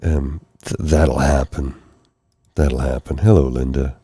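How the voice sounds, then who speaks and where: Tired, hoarse male ASMR host; extremely deep, dark, gravelly voice; soft, rambling, apologetic delivery. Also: steady tone, a little slow, no echo. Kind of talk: soft-spoken ASMR live stream. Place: candlelit room at home. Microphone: close mic for ear-to-ear speaking.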